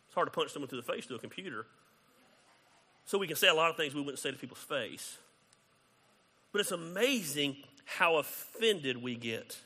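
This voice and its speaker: Bright-voiced pastor preaching in a hall. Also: male voice, fairly high pitch, moderate pace, long pauses, breathy edge. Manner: conversational, animated, acts out quoted exchanges. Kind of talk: sermon.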